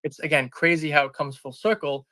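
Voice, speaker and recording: Earnestly recounting a personal story in conversation, a business founder on an interview speaks fairly quickly in a forceful, bright, fairly high-pitched voice with a steady tone. He rambles and keeps doubling back to restart and correct himself. The recording is close, dry and echo-free.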